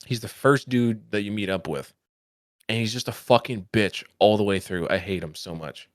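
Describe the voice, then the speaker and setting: A man co-hosting a casual podcast, ranting in profane, animated bursts. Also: fairly low pitch, normal speed, no echo, studio quality. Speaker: podcast co-host.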